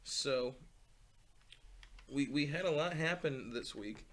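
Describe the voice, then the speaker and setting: A man's voice: medium pitch, lively intonation, slow pace, a bit bright. A young man hosting a casual podcast, rambling and joking as he tells stories and acts out quotes. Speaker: podcast host.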